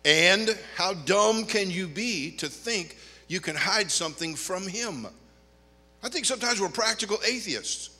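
An older man preaching a sermon as a pastor, animated and joking, with sudden loud outbursts. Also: high-pitched, unhurried, breathy edge. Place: church sanctuary. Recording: long hall reverb.

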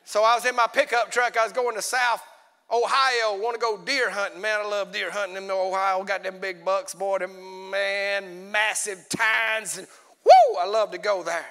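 High, bright-voiced evangelist. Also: male voice, moderate pace, clean tone. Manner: folksy, swings from hushed storytelling to shouting. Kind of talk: sermon. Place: church. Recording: echoey church hall.

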